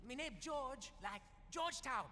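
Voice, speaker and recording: An actor playing a cocky young street kid from Guyana, speaking in a heavy Guyanese dialect. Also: male voice, very high voice, expressive, measured pace, pushed and bright, slight background noise, full character voice. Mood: boastful. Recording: game audio with long reverb and music.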